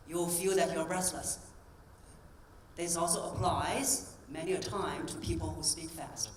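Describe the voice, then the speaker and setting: A woman voice coach giving a live stage talk, coaching the audience through breathing exercises in a clear, encouraging tone. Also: lowish voice, a little hiss or hum. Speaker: voice coach and keynote speaker. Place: convention hall stage. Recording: roomy hall sound from a distance.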